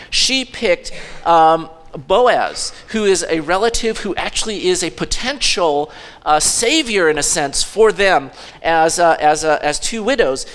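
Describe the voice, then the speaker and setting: High-voiced male pastor preaching. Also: a bit bright, long reverb tail. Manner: storytelling, acts out quotes, frequent restarts. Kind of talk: sermon.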